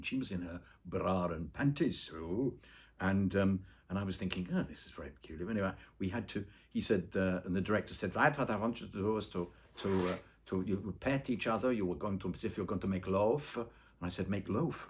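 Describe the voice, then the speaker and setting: A man with a very low, deep voice tells long anecdotes in a relaxed interview. He rambles with plenty of ums and uhs and slips into the voices of the people in his stories. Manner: rambling storyteller with many fillers, acts out quoted voices. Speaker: actor and voice-over artist interviewed.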